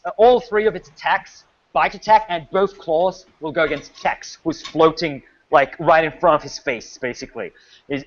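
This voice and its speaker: A man's voice: a little high, fairly bright tone. A man running a tabletop game as game master, narrating attacks and explaining rules firmly, with frequent restarts. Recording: muffled lo-fi recording.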